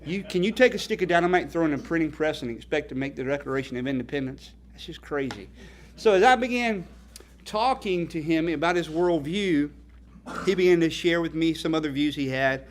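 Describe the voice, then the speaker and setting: A man's voice: a little high, animated, fairly quick, slight background noise. Earnest evangelist man preaching. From North Carolina. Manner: earnest, emphatic, rhetorical questions. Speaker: ministry founder and evangelist. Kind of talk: dinner speech with preaching stories. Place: banquet hall.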